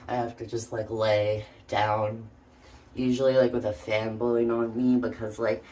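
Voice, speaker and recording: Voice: mid-range voice, little pitch movement, a little slow, mellow. A vlogger talking casually and hesitantly, out of breath, with many ums and likes. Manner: hesitant, full of "um" and "like". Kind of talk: casual personal vlog.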